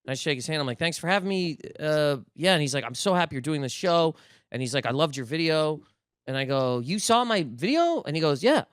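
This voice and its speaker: A man's voice: fairly high pitch, fast talker, fairly bright tone, smooth, dry recording, studio quality. A young man from Nova Scotia, a guest comedian telling a story in casual podcast talk, acting out quotes and swearing freely. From Canada, Nova Scotia.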